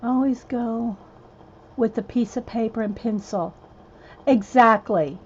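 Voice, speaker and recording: Woman host, out of breath, chatty live-stream crafter, higher voice, dull lo-fi sound. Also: slow, husky. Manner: chatty, addresses viewers by name, drawls "y'all". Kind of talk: casual live-stream chat with viewers. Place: at home.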